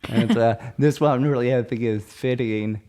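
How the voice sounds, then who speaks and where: A man's voice: medium pitch, a little slow, warm tone. Rambling young man co-hosting a comedy podcast. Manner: rambling, hesitant, full of restarts. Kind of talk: casual comedic chat.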